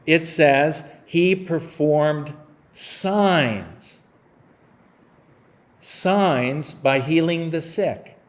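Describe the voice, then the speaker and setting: A man's voice: fairly high pitch, animated, extremely slow, long pauses. A man preaching a sermon as pastor, explaining a Bible passage in a casual, conversational way and acting out scenes with humor.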